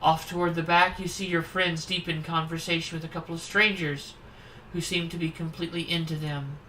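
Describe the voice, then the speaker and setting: A streamer reads the narration of a horror dating game at a steady pace, mixing in wry, irreverent remarks. The voice is bright and clear. Faint background ambience stays under it throughout. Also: medium pitch, brisk, a little hiss or hum, low-quality recording. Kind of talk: playing a dating sim, reading narration and commenting.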